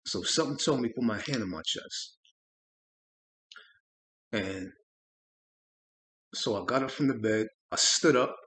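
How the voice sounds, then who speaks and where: Recorded with a roomy echo, the host of a spiritual channel shares something he went through, speaking in an earnest, thoughtful way with frequent pauses and repeated words. His voice is mid-range and a bit bright.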